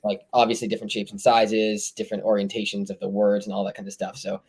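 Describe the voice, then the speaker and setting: Guest, male, Canadian accent, low-pitched, easygoing and halting in casual chat. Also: monotone, darkish tone, slightly rough. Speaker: indie author guest.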